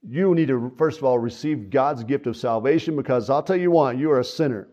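A man's voice: mid-range voice, brisk, mellow. Earnest folksy man preaching a sermon. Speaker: pastor. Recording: dull lo-fi sound.

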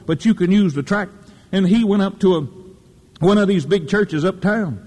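Male preacher, folksy and fervent, slightly high voice, long hall reverb. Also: normal speed, warm tone. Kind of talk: sermon.

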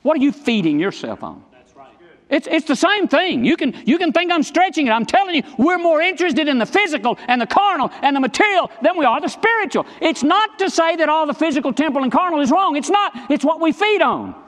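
A high-pitched male pastor delivers a sermon with emphatic, repeated phrases and pointed questions to the congregation. His voice rings out in a large church sanctuary, trailing a long reverb. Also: very animated, fairly quick, fairly bright tone. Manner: emphatic, repetitive preaching with direct questions.

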